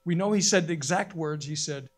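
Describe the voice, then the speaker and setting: A man with a cold, speaking on a conference panel and telling a story with animated retold quotes. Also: on the high side, brisk. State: has a cold, coughing.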